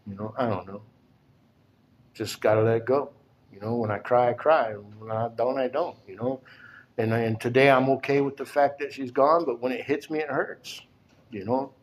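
An older man giving a plainspoken, emotional personal testimony at a recovery support meeting, often halting and repeating himself. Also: medium pitch, steady tone, slight background noise.

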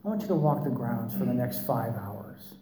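A man imitating a calm female therapist leading a guided meditation in a slow, hushed, soothing voice. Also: mid-range voice, roomy sound, noisy background, pitched below the performer's own voice, natural voice. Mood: gently instructive.

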